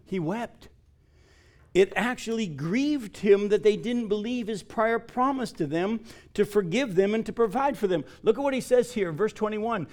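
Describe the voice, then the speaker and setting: Man, pastor, sermon, earnest, slightly high voice, builds up for emphasis. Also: expressive, moderate pace, a little mellow. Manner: earnest, rises in pitch and volume for emphasis. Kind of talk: sermon with scripture reading.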